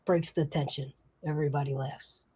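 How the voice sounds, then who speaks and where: A woman narrating a tabletop role-playing game as game master, in a halting way with frequent restarts. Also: low voice, fairly even intonation, warm tone, breathy edge. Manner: halting, many fillers and restarts.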